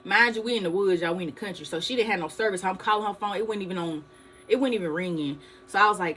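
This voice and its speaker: A woman's voice: medium pitch, fast talker, a bit bright, slight background noise, rough recording. A young woman vlogger, animatedly telling a story to her viewers and calling them "y'all". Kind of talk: storytime vlog.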